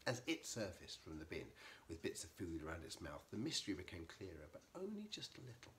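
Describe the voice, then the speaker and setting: A man reading a children's storybook aloud as the narrator, lively and expressive. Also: deep voice, brisk, slight background noise. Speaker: narrator, author.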